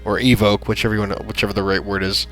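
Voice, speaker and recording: A man hosting a gaming channel, chatting in a rambling, halting way with lots of fillers as he wraps up a playthrough. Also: on the low side, level tone, low-quality recording. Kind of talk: casual gameplay commentary. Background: soft background music.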